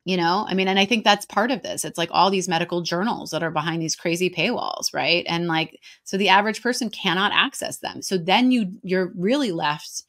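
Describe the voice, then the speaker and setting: A woman with an American accent, talking casually as a guest in an interview, chatty and quick, with lots of "like" and "right?". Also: lowish voice, a bit bright. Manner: chatty, fast, heavy on filler "like" and "right?".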